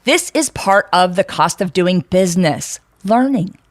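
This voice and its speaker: A woman's voice: lowish voice, animated, unhurried, no room sound. A woman co-hosting a podcast in casual, frank talk, chatty and full of fillers and restarts. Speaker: podcast co-host.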